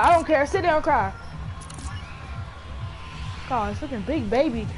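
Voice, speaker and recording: Young woman, vlogger, high voice, exasperated, scolds in slang over soft music. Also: lively intonation, moderate pace, long pauses. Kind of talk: casual scolding chat.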